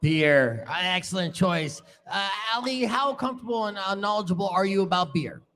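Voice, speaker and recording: A man hosting a live game at a bar event, teasing the players with a quick, playful announcer delivery. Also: high-pitched, lively intonation, a bit bright. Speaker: radio host running a live game.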